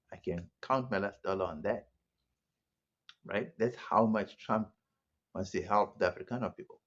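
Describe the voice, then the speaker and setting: A man's voice: medium pitch, a bit bright, slightly rough, highs cut off. A man giving a sarcastic opinion commentary monologue, full of rhetorical questions. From South Africa. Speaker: online commentator.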